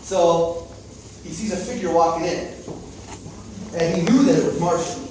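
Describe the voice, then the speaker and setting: Young guy, rambling comic storyteller, high voice, very echoey room. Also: moderate pace. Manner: rambling, laughs, slangy asides. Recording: echoey distant room with noise.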